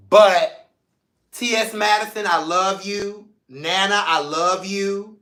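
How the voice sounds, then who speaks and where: A man hosting a show, speaking to viewers in an emotional, expressive way with playful asides. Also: high-pitched, slow pace, echoey room. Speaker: host. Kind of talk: heartfelt personal talk to viewers.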